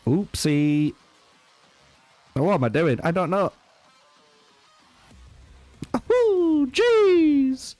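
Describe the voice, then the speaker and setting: A young man streams a strategy game live, profane and trolling with chat, going back and forth between rage and laughter. His slightly high voice has lively intonation and a slightly mellow quality, unhurried with long pauses. The recording is dry, with faint music behind.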